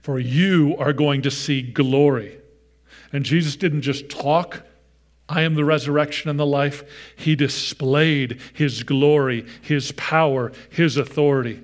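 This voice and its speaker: A male pastor preaching a sermon with earnest feeling. He moves from loud emphasis to hushed, near-whispered softness and speaks straight to the children in the room. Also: fairly high pitch, steady tone, measured pace. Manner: addresses children in the congregation directly.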